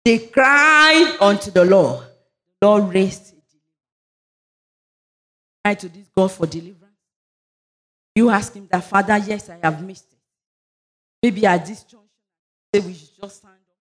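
A woman's voice: medium pitch, normal speed, pauses often. A woman preaching a sermon, reading scripture and leading fervent prayer. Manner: fervent, rising into loud declarations during prayer.

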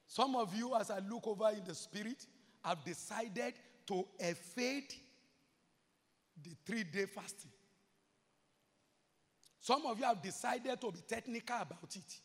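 A man preaching a sermon as pastor, moving from murmured asides to shouted, repeated chants. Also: sits high, measured pace, pauses often, breathy edge. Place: large church hall. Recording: reverberant church hall.

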